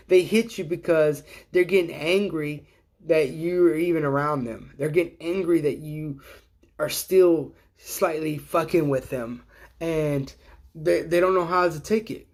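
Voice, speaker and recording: A man's voice: on the high side, takes it slowly. A middle-aged man hosting a casual livestream, talking in a rambling, profane way and chuckling at his own jokes. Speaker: livestream host.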